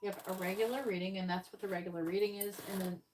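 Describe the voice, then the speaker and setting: A woman reads for viewers on a live stream as a psychic, slowly listing, repeating and spelling out signs, letters and numbers, and growing a touch exasperated when she corrects them. Her medium-pitched voice is a little mellow with fairly even intonation. The echoey room and slightly distant mic leave faint noise.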